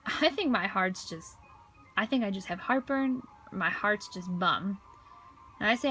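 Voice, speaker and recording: A woman voicing a deaf man's signed story aloud in first person, halting, with frequent restarts and repeated words. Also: medium pitch, animated, pushed and bright, faint music behind. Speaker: voice-over interpreter for a deaf man.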